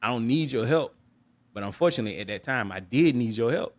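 This adult man's medium-pitched voice moves a little fast with lively intonation, captured in a dry recording. Co-hosting a podcast, he shares a personal story in an earnest, reflective, candid way, often restarting and repeating words.

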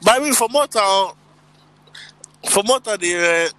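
Young man, casual chat, bright and animated, faint noise. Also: sits high, unhurried, rough recording.

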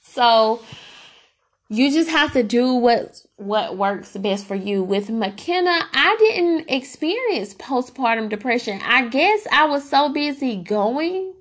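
A woman's voice: on the high side, lively intonation, slow. A young adult woman hosting a podcast, telling personal stories in a candid, casual way with fillers and restarts. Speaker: podcast host.

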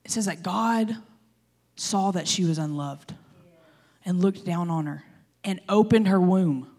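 Animated, humorous woman pastor. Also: fairly low pitch, a little slow. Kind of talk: sermon.

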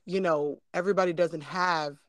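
A woman's voice: lowish voice, fairly even intonation, moderate pace, no echo. A middle-aged woman co-hosting a casual podcast chat as a mother, talking earnestly with lots of "you know" fillers and easy laughter.

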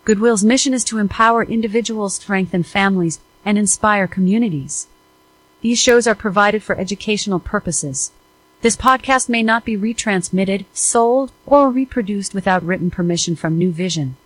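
A woman's voice: mid-range voice, normal speed, no room sound, rough recording. Woman reading credits in an official tone. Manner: mock-official announcer tone. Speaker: podcast co-host reading credits. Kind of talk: formal announcement read.

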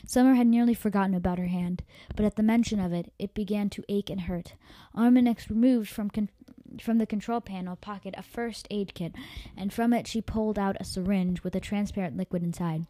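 A woman's voice: medium pitch, fairly even intonation, fairly quick, mellow, no room sound. A woman storyteller reading her own story aloud, an amateur reader who stumbles and corrects herself. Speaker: podcast storyteller.

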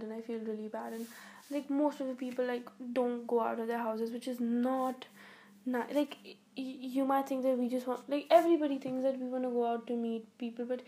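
Teen girl, solo podcast host, groggy and low-energy, mellow and rambling. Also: slight background noise. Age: teens. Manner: rambling, full of fillers and restarts. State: groggy, weak-sounding voice. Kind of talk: casual solo podcast chat.

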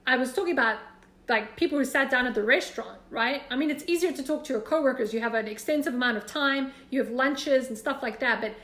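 Woman, high voice, church class teacher, direct and encouraging, echoey room. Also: fast talker, fairly bright tone.

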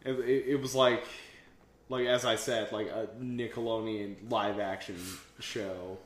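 A man's voice: fairly low pitch, fairly even intonation, a little slow, reverberant. A man co-hosting a podcast, recapping a show in casual chat, rambling with lots of fillers and swearing. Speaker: podcast co-host.

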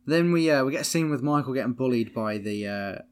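A man, casually recapping a horror film as podcast co-host, laughing often, swearing freely and acting out lines in quick voices. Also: mid-range voice, expressive, darkish tone.

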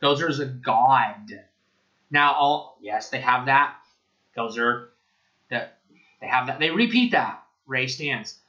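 Sarcastic, bright-voiced man ranting casually. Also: mid-range voice, lively intonation, slow pace, pauses often, lo-fi sound. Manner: sarcastic, profane, rambling. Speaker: film reviewer podcaster. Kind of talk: casual spoken review.

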